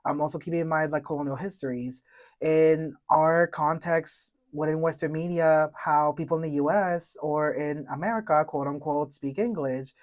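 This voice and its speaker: A woman's voice: deep voice, steady tone, moderate pace, a little mellow. A woman co-hosting a student podcast, articulately referencing class readings in a casual academic discussion.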